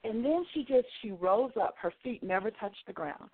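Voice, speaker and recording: Radio talk host, woman, expressive storyteller, slightly high, tinny phone-band sound. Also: normal speed, dry recording. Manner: expressive, animated storytelling with emphatic repetition.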